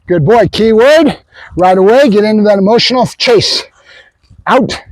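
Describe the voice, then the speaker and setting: A man with a high, animated voice runs a puppy training demo, talking casually to viewers as guys. He keeps switching to bursts of excited praise for the dog. The sound is dry and close. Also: normal speed, dry recording, poor audio. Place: outdoors at a training area.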